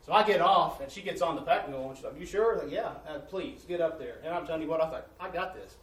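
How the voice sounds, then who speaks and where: A man preaching a testimony sermon in a church, telling his story in an animated way and laughing along the way. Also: a little high, fast talker. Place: church sanctuary. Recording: roomy church audio from a distance.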